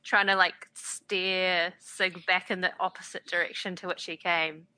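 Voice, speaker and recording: Bright-voiced woman player. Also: fairly low pitch, flat delivery, measured pace. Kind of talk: tabletop game chat.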